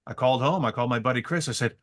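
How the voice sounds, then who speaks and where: A man on a podcast, telling a story with excitable energy and frequent stammering repeats. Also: medium pitch, rapid-fire. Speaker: guest. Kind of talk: animated storytelling.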